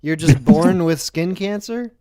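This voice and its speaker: A man's voice: on the high side, unhurried, mellow. Playful man hosting a chat stream. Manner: playful, teasing, exasperated. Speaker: host. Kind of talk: casual chat.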